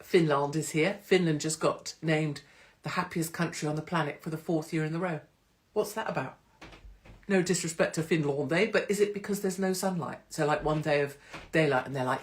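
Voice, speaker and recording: A woman's voice: low-pitched, fairly quick. A woman hosting a casual live stream from her phone, irreverent and sweary, slipping into mocking voices. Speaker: host of a live social media stream.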